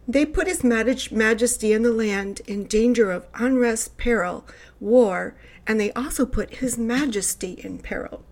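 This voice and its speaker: A woman's voice: on the high side, unhurried, a little mellow. A woman voicing a formal female court astrologer who warns her king, in a put-on British accent. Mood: grave warning. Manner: formal, grave and deferential.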